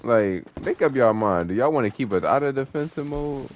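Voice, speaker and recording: Lively trash-talking young man gamer. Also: medium pitch, normal speed, a little hiss or hum. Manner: taunting, profane, excitable, yells at opponents. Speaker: gamer streaming online play. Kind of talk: trash-talking gameplay commentary.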